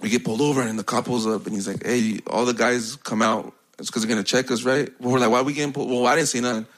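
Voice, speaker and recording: A man's voice: medium pitch, steady tone, racing. A young man spins a rambling, profane story in casual chat. His talk is loose and full of slang, and laughter keeps breaking in. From United States.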